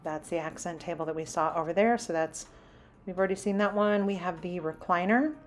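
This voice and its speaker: Woman, low-pitched, casual shopping vlog, chatty price rundown, faint store music behind. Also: a little fast. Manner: chatty, lists prices while browsing. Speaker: shopping vlogger. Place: inside a large home improvement store.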